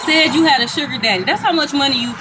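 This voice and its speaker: A woman's voice: high-pitched, quick pace, a crowd in the background. Blunt, profane woman reading tarot. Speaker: tarot reader. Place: outdoors on a street. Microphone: phone livestream. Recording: outdoor street noise.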